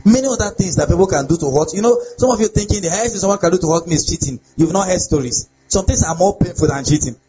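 A young male pastor with a high voice preaches in an animated way and keeps checking that his listeners follow him. The sound is dull and lo-fi, with faint ambience behind him. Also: very fast, few pauses, slight background noise. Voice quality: animated preaching with laughs and repeated rhetorical questions. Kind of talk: sermon on relationships.

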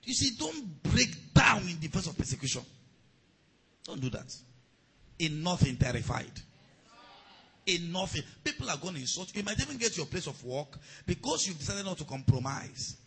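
A man preaching a sermon as a pastor, calling on the congregation to respond and rising to shouts. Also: high-pitched, very animated, moderate pace, slightly rough, poor audio.

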